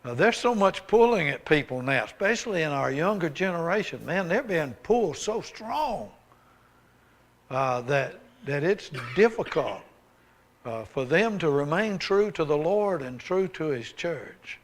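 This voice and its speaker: A man's voice: fairly high pitch, big pitch swings, unhurried. A man giving a folksy, emphatic sermon testimony as a guest preacher, reading scripture aloud with rising force.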